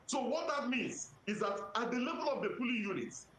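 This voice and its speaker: A man with a Nigerian accent, an electoral commission official giving formal, measured answers to press questions and citing legal sections methodically. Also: very high-pitched, animated, fairly bright tone. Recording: roomy echo.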